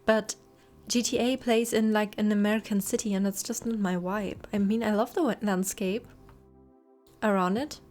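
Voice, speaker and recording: A woman's voice: mid-range voice, fairly even intonation, moderate pace. A young woman chatting casually and rambling while streaming a game. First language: German. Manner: chatty, rambling, soft asides to chat. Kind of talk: casual gameplay commentary. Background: faint game music.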